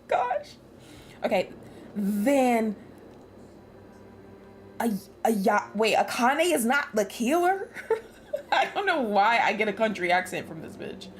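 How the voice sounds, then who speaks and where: A woman's voice: a little high, very animated, slow, pauses often, a little hiss or hum. A woman streaming a game, chatting casually with frequent laughs and free swearing. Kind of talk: casual gameplay commentary.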